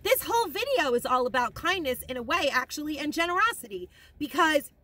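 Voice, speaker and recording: Bright, high-pitched gushing woman vlogger. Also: brisk, no echo. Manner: gushing, excitable and rambling; emotional, close to tears. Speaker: haul vlogger. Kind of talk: casual shopping haul vlog.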